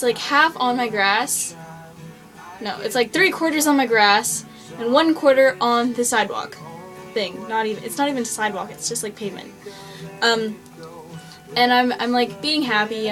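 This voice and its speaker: A woman's voice: on the high side, poor audio. A teenage girl telling a story casually to camera in a chatty way, full of likes and ums. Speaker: vlogger. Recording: guitar music playing underneath.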